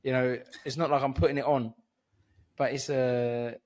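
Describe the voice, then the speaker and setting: A man's voice: medium pitch, little pitch movement, moderate pace, darkish tone. A man from Cyprus, a stand-up comedian, joking playfully as a podcast guest. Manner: playful, joking, laughs a lot. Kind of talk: casual podcast chat.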